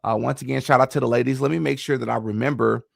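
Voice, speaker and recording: A man's voice: mid-range voice, fairly even intonation, fast talker, gravelly, no room sound, studio quality. A man hosting a casual live podcast interview, often stammering and repeating words as he talks. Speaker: podcast host.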